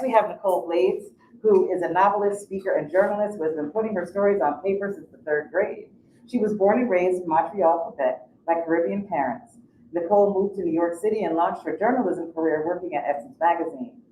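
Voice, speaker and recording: A woman moderator in a bookstore reading a guest's bio aloud and adding quick asides. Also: fairly low pitch, mellow, slight background noise. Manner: reads bios, ad-libs asides. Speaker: event moderator. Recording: distant voice in an echoey bookstore.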